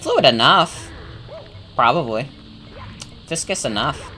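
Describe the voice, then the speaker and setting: A woman's voice: rumbling low, animated, takes it slowly, pushed and bright, slight background noise. A woman streaming a game, chatting and joking casually with her chat and swearing freely. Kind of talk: casual gameplay commentary.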